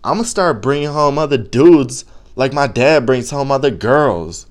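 Dude putting on a bratty teen girl, swearing, snappy, voice bumped up higher. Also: expressive, unhurried, close to an everyday voice. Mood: snapping. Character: foul-mouthed, bossy teenage girl.

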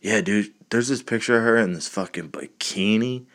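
A man's voice: on the low side, normal speed, fairly bright tone, natural voice. A man voicing a brash young male buddy on a phone call, crude and swaggering in a comedy skit. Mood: bragging.

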